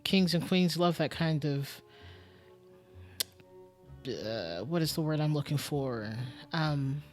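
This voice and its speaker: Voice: medium pitch, animated, slow pace, soft background music. A streamer thinking aloud during a casual live-stream game commentary, muttering and musing with lots of fillers.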